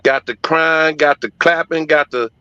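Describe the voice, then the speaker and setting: Emphatic, bright-voiced man telling stories. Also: on the high side, fairly even intonation, a little slow, clear, resonant tone, no echo, muffled recording. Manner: emphatic, profane, heartfelt. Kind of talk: personal storytelling.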